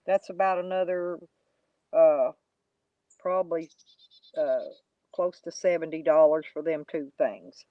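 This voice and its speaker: A woman's voice: low-pitched, steady tone, a little slow, long pauses, no room sound, narrow, tinny audio. A woman, chatting casually to live viewers in a rambling, folksy, mocking way. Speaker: YouTube live streamer.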